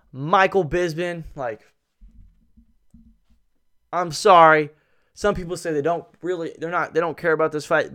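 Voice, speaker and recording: A young man hosting a casual podcast, talking in a rambling, excitable way with a lot of swearing. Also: fairly high pitch, smooth. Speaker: podcast host. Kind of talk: casual fight-talk podcast monologue.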